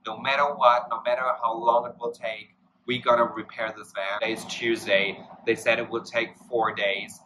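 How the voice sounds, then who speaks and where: A man's voice: lowish voice, bright, forceful tone, slight background noise, rough recording. A young man from Germany talking casually and emotionally to his vlog viewers from a rented apartment, rambling with many fillers and restarts. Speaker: travel vlogger.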